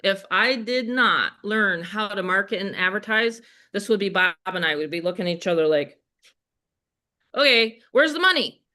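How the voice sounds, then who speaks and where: A middle-aged woman with a Western New York accent, hosting a live webinar in an energetic, chatty way and talking straight to her audience. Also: medium pitch, moderate pace, few pauses. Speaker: webinar host. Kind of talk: live sales webinar chat.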